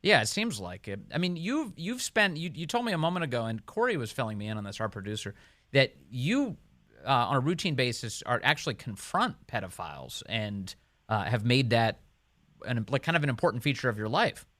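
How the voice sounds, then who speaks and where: A male radio talk show host interviewing a guest, conversational and quick to react and prompt. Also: mid-range voice, big pitch swings, a bit bright, dry recording.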